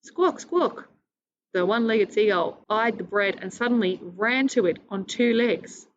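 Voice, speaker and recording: A woman's voice: mid-range voice, moderate pace. Woman reading a children's story. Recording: dull lo-fi recording with faint hiss.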